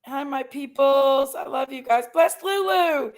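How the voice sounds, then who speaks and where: A woman's voice: high voice, unhurried. A woman hosting a casual livestream, affectionately greeting viewers one by one by name and sometimes sounding tearful. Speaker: livestream host.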